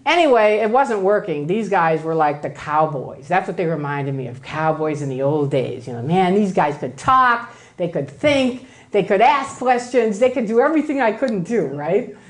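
A woman's voice: on the low side, normal speed, hardly any pauses. Woman telling her story to an audience. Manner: animated, acts out quoted voices, tags lines with "right?". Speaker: speaker giving a public talk. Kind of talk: personal storytelling lecture.

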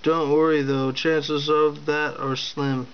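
A man's voice: a little high, level tone, slow pace, clean tone, dull audio. A man voicing a bold, adventurous male dwarf rogue in a storybook reading, calling the others lad.

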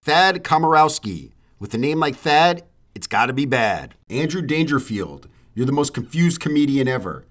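A man's voice: mid-range voice, sing-song, moderate pace, hardly any pauses. A man voicing a greedy, crude male cartoon hedgehog star in a brash, foul-mouthed comedic way. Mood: roasting.

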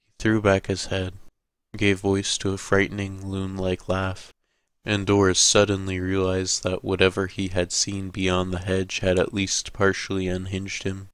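A man narrating an audiobook in a deep, steady voice with little rise and fall. His tone is smooth and resonant. The recording is close and completely dry. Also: a little slow, no room sound. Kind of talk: scripted narration.

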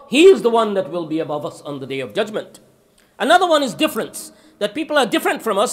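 A man's voice: very high-pitched, fairly bright tone. A man giving an earnest, explanatory religious lecture, quoting Arabic scripture as he teaches. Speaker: Islamic lecturer.

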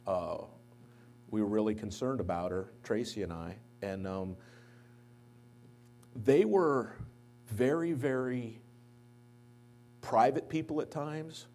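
Man, pastor type, eulogy in a church, lowish mellow voice, storytelling that perks up on quotes. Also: slow pace, long pauses. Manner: anecdotal storytelling, lively when quoting others. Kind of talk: eulogy at a memorial service. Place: church sanctuary.

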